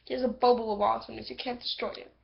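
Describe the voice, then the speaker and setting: A woman giving a casual, rambling episode review on a computer microphone, excitable and full of fillers. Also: fairly high pitch, racing, gravelly, muffled recording. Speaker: video reviewer.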